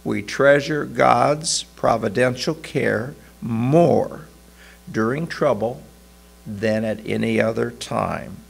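A man voicing a calm, gentle female florist clerk who speaks carefully and reassuringly, in a creaky, husky voice. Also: mid-range voice, slow pace, exaggerated voice.

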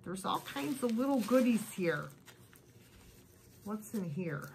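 A woman's voice: mid-range voice, sing-song, takes it slowly, vocal fry, darkish tone, slight background noise, poor audio. A woman chatting at home in a casual haul video, gushing over each thing she unpacks. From United States. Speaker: thrift vlogger.

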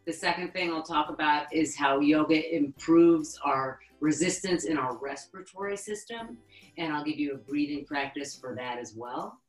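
A woman yoga therapist teaching a webinar lesson, calmly guiding breathing exercises and counting breaths. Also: deep voice, echoey room, faint music behind, poor audio. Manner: calm, instructive, counts breaths slowly.

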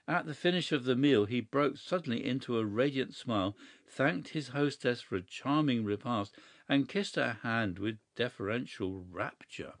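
Measured male story narrator, dry sound. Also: medium pitch, dry recording.

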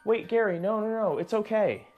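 A man filming a ghost-hunting vlog alone indoors in an old house, gently reassuring an unseen spirit and sometimes jumping with startled outbursts. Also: high voice, moderate pace, phone-quality sound, soft background music. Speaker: paranormal investigator.

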